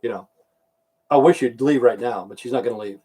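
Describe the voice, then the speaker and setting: Slightly rough but warm, his medium-pitched voice moves a little fast as this middle-aged American vlogger rants into the camera. It's an angry monologue, profane, heated, and repetitive.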